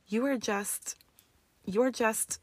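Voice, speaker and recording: A woman's voice: a little high, fairly even intonation, extremely slow, no echo, pitched above the performer's own voice. A woman reading a fierce, furious young witch. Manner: snapping, scornful.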